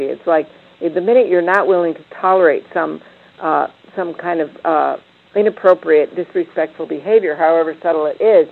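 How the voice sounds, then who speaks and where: Gravelly older woman on a tinny line. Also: lowish voice. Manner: meandering, many restarts and fillers. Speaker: discussion leader. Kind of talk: reflective panel talk.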